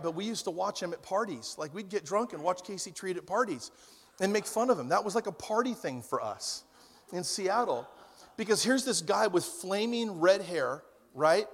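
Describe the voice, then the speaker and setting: Male pastor, 50s, storytelling sermon; gravelly, long church reverb. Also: a little high. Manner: storytelling, swings from loud to hushed. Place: church hall.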